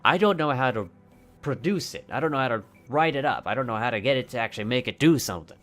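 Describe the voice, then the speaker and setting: A man's voice: medium pitch, animated, fast. Jokey rambling teenage boy vlogging. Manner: jokey, rambling, self-mocking. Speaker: YouTuber. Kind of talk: casual vlog chat. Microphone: desk mic on stand. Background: soft background music.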